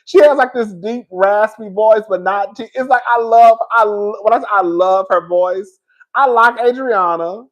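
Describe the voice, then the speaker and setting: Guy with a kinda high voice ranting to his viewers, swears a lot, keeps restarting and going off track. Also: unhurried. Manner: candid and profane, talks straight to viewers; rambling, with frequent restarts and asides. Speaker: reality TV commentator. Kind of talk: casual commentary vlog.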